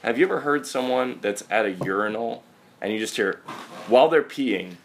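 A man's voice: medium pitch, expressive, moderate pace, heavy background noise. A man hosting a podcast, telling a wry, profane, rambling story in casual chat. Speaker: podcast host.

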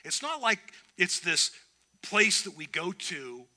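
Preaching a sermon, a male pastor sounds earnest and emphatic, sometimes breaking off a thought and starting it again. His very bright, forward voice sits a little high for a man, with a sing-song lilt and a slow pace.

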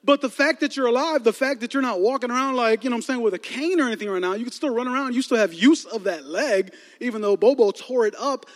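A man's voice: very high-pitched, fast talker, few pauses. A man preaching a sermon as a pastor, telling comic stories with asides to the congregation. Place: large church hall. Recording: long hall reverb.

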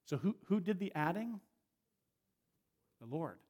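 A man's voice: high-pitched, very animated, darkish tone. Conversational middle-aged male guest preacher. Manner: conversational, restarts phrases, slows for emphasis. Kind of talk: sermon.

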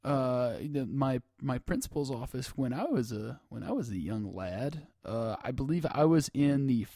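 A man's voice: mid-range voice, animated, normal speed, dark tone, no room sound, studio quality. A man casually telling a crude, joking story, full of fillers and laughter. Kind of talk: casual chat.

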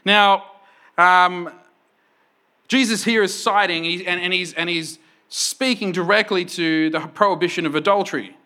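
A male pastor in his thirties preaches a sermon, telling a story animatedly and laughing often. His voice is high-pitched and a little slow.

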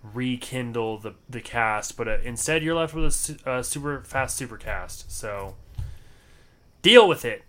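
A man's voice: mid-range voice, moderate pace, hardly any pauses, fairly bright tone. A man co-hosting a podcast, laid-back and drawling with fillers. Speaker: podcast co-host. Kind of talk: casual podcast chat.

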